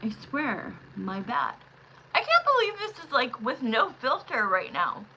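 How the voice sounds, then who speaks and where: A woman reading tarot on a live stream, chatting casually with viewers, calling them love and honey, with sudden loud excited bursts. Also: sits high, a little slow, background noise. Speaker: livestream tarot reader.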